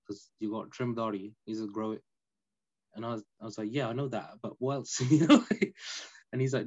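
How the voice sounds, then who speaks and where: A man, a podcast guest telling his story in an animated, emphatic casual way. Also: fairly low pitch, brisk, muffled recording. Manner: animated, emphatic, peppered with "innit" and "you know".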